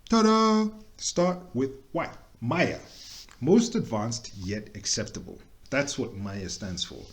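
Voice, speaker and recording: Young man, lowish voice, casual workshop presenter, chatty with playful tangents. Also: very animated. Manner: chatty, joking asides, quick tangents. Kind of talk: casual explanatory talk.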